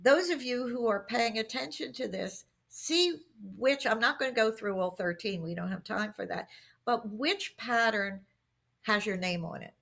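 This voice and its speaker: A woman's voice: on the high side, normal speed, vocal fry. A middle-aged woman, a guest on a podcast interview, telling workplace anecdotes and acting out the quotes in them. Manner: animated anecdotes with acted-out quotes. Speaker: guest expert on workplace communication.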